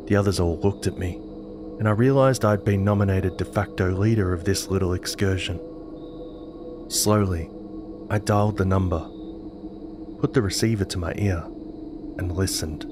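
A man narrating a scripted horror story in a measured, dramatic manner. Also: sits low, steady tone, noisy background. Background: music.

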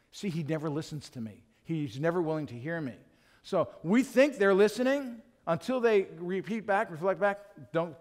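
Guy pastor preaching, lively, acts stuff out, voice on the high side, big echo from the church hall. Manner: animated, acts out quotes in other voices. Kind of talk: sermon. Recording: long reverb of a church hall.

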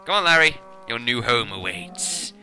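A man giving casual, excitable gameplay commentary as a channel host, with swearing and laughing asides. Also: on the high side, moderate pace.

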